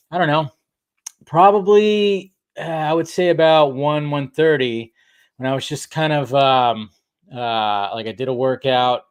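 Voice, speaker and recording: A young man hosting a casual live stream, chatting in a rambling way and talking straight to viewers in the chat. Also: on the high side. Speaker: host.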